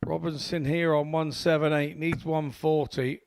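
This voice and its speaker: A man's voice: on the high side, level tone, a little slow, vocal fry, slight background noise. A man co-commentating live on darts in a dry, matter-of-fact way with wry asides.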